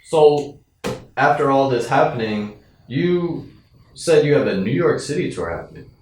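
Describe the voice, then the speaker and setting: A man interviewing a guest, asking short, measured questions. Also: medium pitch, lively intonation, darkish tone. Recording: roomy echo, distant from the mic.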